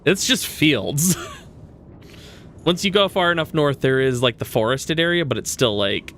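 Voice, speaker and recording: A man's voice: fairly high pitch, unhurried, fairly bright tone, a little hiss or hum. A man from Western Canada chatting casually while streaming a game. He rambles, restarts his sentences and chuckles often. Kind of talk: casual gaming stream chat.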